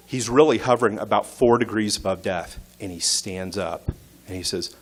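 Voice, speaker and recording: A man's voice: lowish voice, normal speed, a little hiss or hum. A man telling a true story on stage at a story slam, in short punchy sentences with rising intensity. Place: stage at an arts center.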